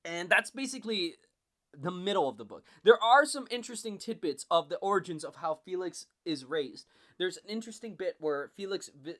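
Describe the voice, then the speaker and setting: A man in his twenties giving a casual, animated book review, swearing often and acting out the characters' lines. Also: high voice, fairly quick. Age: 20s. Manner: animated, profane, frequent "like" fillers, acts out characters.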